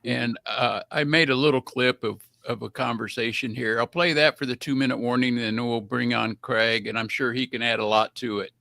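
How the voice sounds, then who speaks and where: A man's voice: medium pitch, fairly even intonation, a little fast, gravelly, hardly any pauses, bright, forceful tone, dry recording. A man on a talk show who runs the clips, talking casually with hesitant restarts. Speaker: show producer running clips.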